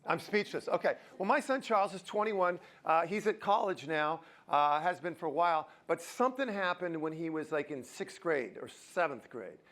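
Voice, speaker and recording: A man's voice: a little high, animated, moderate pace, hardly any pauses, a bit bright. A middle-aged man giving a motivational talk to a live audience in a university auditorium, joking and coaxing the crowd. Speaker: motivational speaker.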